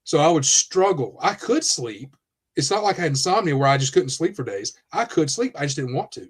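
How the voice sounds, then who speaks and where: Guy hosting a podcast, ex cop, talks slow and thoughtful, repeats a word here and there. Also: on the high side, sing-song, breathy edge. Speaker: podcast host, retired police officer. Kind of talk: candid podcast conversation.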